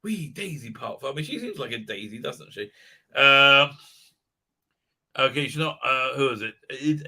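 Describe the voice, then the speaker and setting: A man hosting a live stream, ranting profanely and mocking characters in squeaky put-on voices. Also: normal speed, bright, forceful tone. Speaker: show host.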